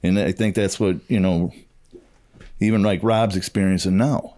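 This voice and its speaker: Middle-aged guy telling his story on a podcast, low mellow voice, acts out the back and forth. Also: fairly even intonation, normal speed. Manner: storytelling, acts out quoted dialogue. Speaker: podcast co-host. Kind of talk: casual chat, personal testimony.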